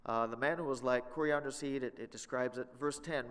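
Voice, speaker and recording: A man gives a Bible lesson from the pulpit, mixing scripture reading with relaxed asides and questions to the room. His voice sits in a middle register. The long reverb of a church sanctuary hangs behind every phrase. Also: medium pitch, a little fast, hardly any pauses, smooth. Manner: conversational, humorous, asks the congregation questions. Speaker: Bible teacher. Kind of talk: sermon teaching with scripture reading.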